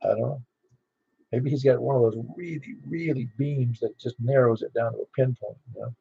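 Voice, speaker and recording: A man's voice: medium pitch, normal speed, vocal fry, warm tone, breathy edge, dry recording. A man running a ham radio net, chatting in an easygoing, rambling way with plenty of fillers. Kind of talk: casual radio chat. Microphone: radio transceiver mic. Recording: dull dry lo-fi radio audio.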